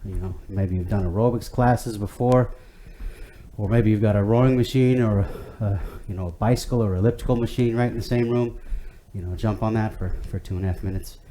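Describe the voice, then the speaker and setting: A man's voice: on the low side, brisk, dark tone, a little hiss or hum. A man leading a home workout class, talking in an easygoing, chatty way with many fillers and restarts. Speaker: fitness instructor. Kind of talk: guided workout instruction.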